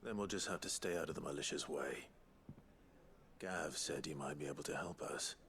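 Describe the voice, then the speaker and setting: An actor playing a steady, resolved young swordsman in a game. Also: very deep voice, moderate pace, a little hiss or hum. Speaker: game character.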